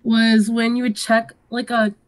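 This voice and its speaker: A woman's voice: a little high, level tone, a little slow. Hesitant, agreeable woman. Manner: agreeable, hesitant, restarts often. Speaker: podcast co-host. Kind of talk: casual chat.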